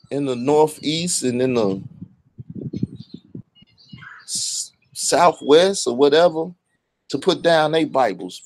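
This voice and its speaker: A man's voice: fairly high pitch, a little mellow. A man, talking bluntly and profanely in a casual monologue, often stumbling over his words. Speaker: online commentator.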